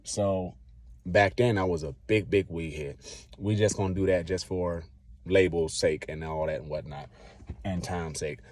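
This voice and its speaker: A man with a deep, low voice tells a personal story to camera in a loose, rambling way. He keeps slipping into what he said back then, in relaxed slang. The sound is dry and close, with no room echo. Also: a little slow. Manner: rambling, acts out his own past lines. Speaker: vlogger.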